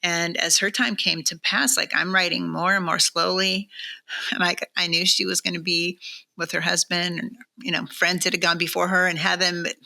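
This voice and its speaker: A middle-aged woman, a novelist being interviewed, telling stories in an animated way and laughing often. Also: lowish voice, moderate pace, creaky. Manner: animated, laughs often, acts out quoted voices. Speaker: novelist guest. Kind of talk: conversational interview storytelling. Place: church studio.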